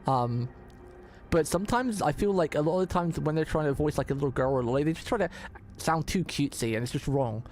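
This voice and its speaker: A male streamer reacting casually on a live stream. He talks quickly in a slightly raised voice, rambling and stumbling over repeated words. A faint hum of room ambience sits behind him. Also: on the high side, a little mellow. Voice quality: rambling, repeats himself, many restarts. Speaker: vtuber streamer.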